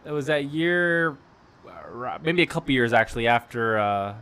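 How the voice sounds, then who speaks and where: A young man talks easily as a podcast guest, laughing often. His voice is bright and forward. His pitch sits in the middle. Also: expressive, normal speed, smooth. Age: young adult. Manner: laughs often, easygoing storyteller. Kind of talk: casual chat.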